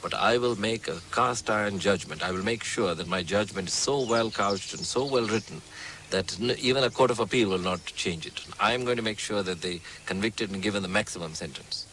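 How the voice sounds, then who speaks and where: A man's voice: lowish voice, a little fast, background noise. A man giving interview testimony in a hesitant way, full of fillers.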